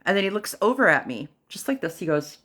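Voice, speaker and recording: A woman on a livestream telling a personal story casually and dramatically, pausing often, with fillers and acted-out quotes. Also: medium pitch, big pitch swings, a bit bright, breathy edge. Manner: dramatic retelling that acts out other people's lines; unhurried, with pauses and fillers.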